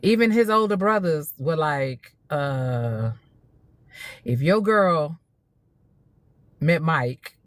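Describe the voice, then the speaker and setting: Woman, forties, lowish voice, emphatic casual monologue with laughs. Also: extremely slow, pauses often, no echo. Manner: animated, laughing, emphatic repetition. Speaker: social media host.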